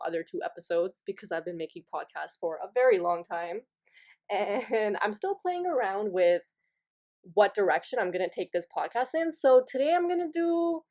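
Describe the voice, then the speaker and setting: Young woman, podcast host, giggly, rambling, self-mocking, casual story time. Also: medium pitch.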